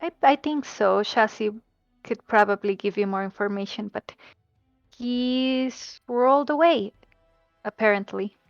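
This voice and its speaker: A woman's voice: mid-range voice, moderate pace, gravelly, no room sound, faint music behind. Playful woman player, dry dull sound. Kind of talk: in-character tabletop role-play.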